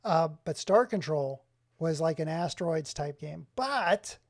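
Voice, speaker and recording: A man streaming live from his home office, chatting excitedly with viewers and exclaiming often. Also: on the high side, measured pace, vocal fry, slight background noise. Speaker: streamer showing his game collection. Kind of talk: casual live-stream chat.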